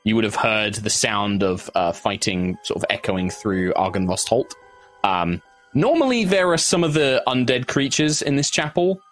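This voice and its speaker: Low-voiced man running a tabletop game. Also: expressive, moderate pace, fairly bright tone, soft background music. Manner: loose, hesitant narration with fillers. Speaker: game master.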